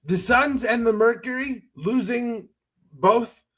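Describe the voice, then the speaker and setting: A man with a notably high speaking voice holds forth as a podcast host, ranting with plenty of swearing. He breaks into laughter at his own stories as he goes. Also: slow. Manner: animated, profane ranting with laughing asides. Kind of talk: casual chat.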